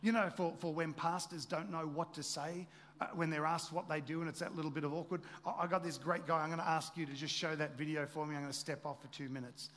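A male pastor preaches with energy, throwing question after question to his congregation. His voice sits high, and a long reverb from the big hall trails behind each phrase. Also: fast talker. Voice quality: energetic, rhetorical questions to the crowd. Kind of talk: sermon. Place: church hall.

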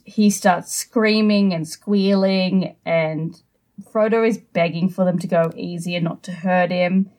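A woman's voice: lowish voice, fairly even intonation, measured pace, a little mellow. A woman co-hosting a casual book discussion, chatty, with exasperated asides about the characters. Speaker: podcast co-host.

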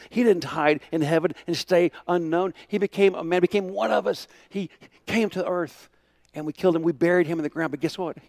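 Gravelly-voiced pastor preaching. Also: male voice, on the high side, no room sound. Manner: storytelling with quoted dialogue, shifting from hushed to emphatic. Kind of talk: sermon.

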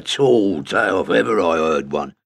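Male narrator doing a big angry innkeeper, roaring, rough gravelly voice. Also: animated, normal speed, exaggerated voice. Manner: booming, roaring. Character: enormous angry innkeeper man, booming and suspicious.

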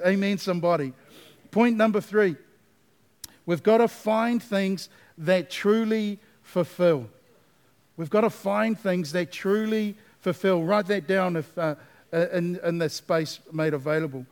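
A man's voice: high-pitched, unhurried, a little mellow. A man preaching a sermon as pastor, asking the congregation for responses and building to emphatic, repeated refrains.

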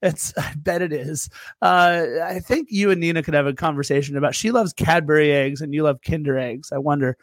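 Man, podcast co-host, playful, teasing, high voice, dry sound. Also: a little fast, dry recording. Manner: playful ribbing, reads sponsor plugs. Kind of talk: casual chat.

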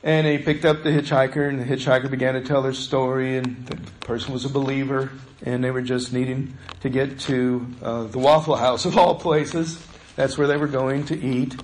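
A man's voice: medium pitch, fairly even intonation, moderate pace, slight background noise. A male pastor preaching a sermon in a conversational, storytelling way.

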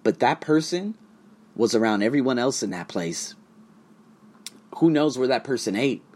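A man ranting casually and profanely to his viewers, swinging between loud outbursts and hushed asides. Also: mid-range voice, animated, normal speed. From United States. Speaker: vlogger and online teacher. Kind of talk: casual profane rant to camera.

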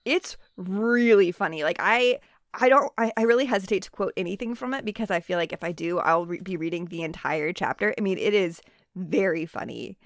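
A woman co-hosting a casual book chat, retelling scenes with quick acted asides. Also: on the low side, animated, dry recording, studio quality. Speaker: podcast co-host.

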